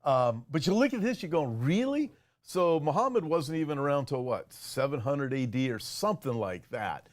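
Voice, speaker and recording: A man, a pastor hosting a show, giving animated, incredulous commentary on video clips. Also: medium pitch, moderate pace, hardly any pauses.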